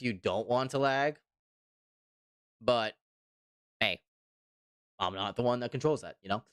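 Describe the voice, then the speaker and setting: A man's voice: on the high side, a bit bright, clear, resonant tone, dry recording, studio quality. A man in his twenties from Canada, chatting casually on a live stream, rambling and repeating himself while reading chat. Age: 20s.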